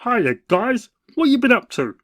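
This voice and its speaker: A man's voice: extremely high pitch, big pitch swings, a little slow, fairly bright tone, heavily acted. A man voicing a sly young male neighbour, teasing and dryly sarcastic. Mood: cheerful. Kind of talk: cartoon voice acting.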